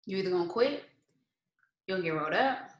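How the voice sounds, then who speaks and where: Lower-pitched than most, with lively intonation, a fast-talking woman hosts a casual live-stream pep talk from indoors at home. The motivational host fires off rhetorical questions and blends faith-based encouragement with colloquial asides and frequent laughter. Reverberation and low recording quality mark the audio.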